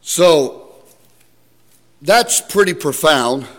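Preaching to a congregation, a man explains scripture emphatically, calling out for amens and rising to shouts. His fairly high voice is animated yet extremely slow, and the sound carries the feel of a big room.

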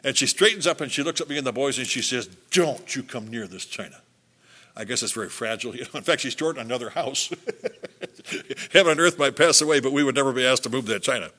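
Older male pastor, sermon delivery, animated storyteller, bright voice. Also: mid-range voice, quick pace. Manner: animated storytelling, acts out quotes.

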